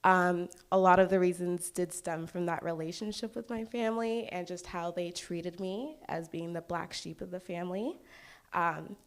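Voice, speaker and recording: Soft, hesitant young woman storyteller. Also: on the low side, normal speed, smooth. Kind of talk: live personal storytelling. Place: live storytelling event.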